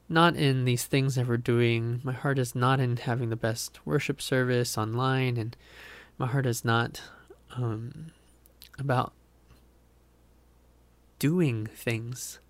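A man's voice: medium pitch, takes it slowly, no room sound. A young man, a pastor hosting a podcast, talking through a Bible verse in a casual, earnest, rambling way. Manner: earnest, rambling, self-interrupting with laughs. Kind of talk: casual devotional talk.

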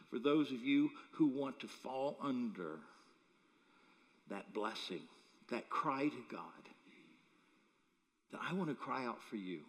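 A man preaching with humor, breaking into chuckles as he tells his stories. His pitch swings widely as he speaks, and his voice rings with the long reverb of a large hall. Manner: animated, humorous storytelling with chuckles. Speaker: pastor. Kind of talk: sermon. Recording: echoey hall.

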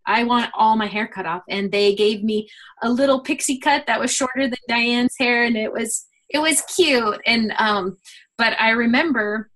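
A middle-aged woman, a guest, telling a personal faith story in an earnest, animated way with many fillers. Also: a little high. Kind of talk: personal testimony in a conversation.

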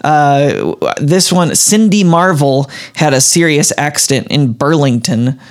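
A man's voice: a little high, lively intonation, unhurried. A man hosting a casual comedy chat, telling a rambling story full of restarts. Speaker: podcast host.

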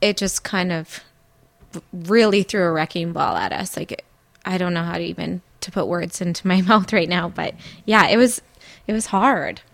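A young woman co-hosting a podcast, talking candidly in a halting way and often breaking off mid-sentence. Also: fairly low pitch, vocal fry, no room sound. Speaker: podcast co-host. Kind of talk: emotional casual chat.

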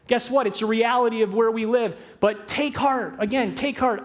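A man preaching a sermon as pastor, animated, moving between loud emphasis and hushed, slow phrases. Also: very high voice. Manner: quick asides mixed with slow, drawn-out phrases.

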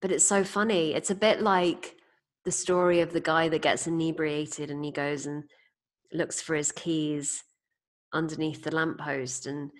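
A woman's voice: low voice, fairly even intonation, unhurried. A woman hosting a podcast, telling stories in an amused, thoughtful way in a casual conversation. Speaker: podcast host.

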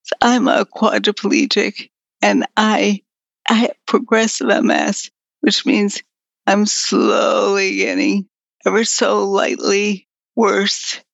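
A woman's voice: mid-range voice, fairly even intonation, slow, vocal fry, dry recording. A woman guest in a casual interview with a weak voice that fades in and out, speaking candidly and bluntly. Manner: candid, frank and blunt, with mild swearing. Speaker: guest, artist and writer. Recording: dull lo-fi recording.

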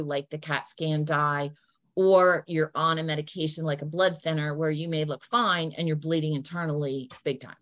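Lowish woman giving friendly practical advice. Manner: friendly and down-to-earth, acts out polite phone lines. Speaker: patient advocate answering questions.

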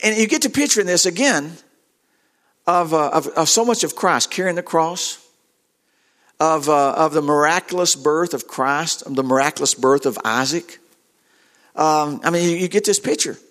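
A middle-aged man preaches a sermon with a slightly high voice. He is earnest and halting, often repeating words as he retells a story. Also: a bit bright.

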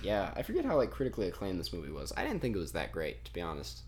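Young male podcast host, casual, rambling, very animated pitch. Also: racing, slight background noise. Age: young adult. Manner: rambling, laughs often, trails off. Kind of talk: casual chat.

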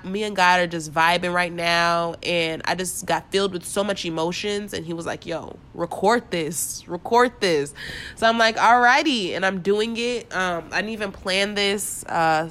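A woman's voice: on the low side, fairly bright tone, clean tone. Woman podcaster, casual and slangy, emotional with a cracking voice, speaking off the cuff alone in her room. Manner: heartfelt, repetitive, casual slang-filled. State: voice cracking, holding back tears. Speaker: podcast host. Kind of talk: spontaneous inspirational monologue. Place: bedroom, alone.

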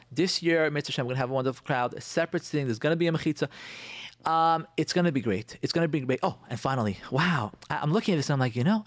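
This radio host has a mid-range voice and no room sound around him. He's pushing an event with lots of energy, circling back to the same phrases and mixing in Hebrew expressions.

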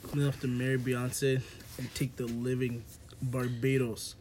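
A man's voice: mid-range voice, completely flat delivery, moderate pace, darkish tone, a little hiss or hum. A young man hosting a podcast, chatting casually, laughing often and quizzing his guests. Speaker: podcast host. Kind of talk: casual chat.

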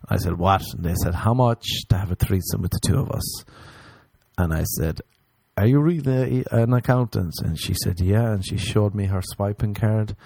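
A man hosting a podcast, telling crude stories in a casual, joking way and mimicking other people in higher voices. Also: normal speed, vocal fry, mellow, husky, no echo. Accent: non-local, remarked on by others. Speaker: podcast host. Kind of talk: casual storytelling chat.

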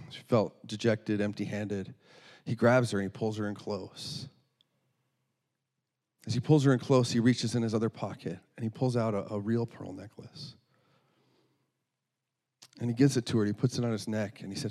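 A man's voice: lowish voice, steady tone, normal speed, long pauses, dark tone. A man preaching through a story, earnest, often restarting and repeating words. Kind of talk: storytelling sermon.

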